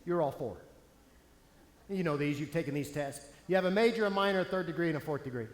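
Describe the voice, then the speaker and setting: A man giving a comedic stage seminar as a speaker, animated, punchy and playful. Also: on the high side, fast. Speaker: motivational speaker. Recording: echoey hall, faint ambience.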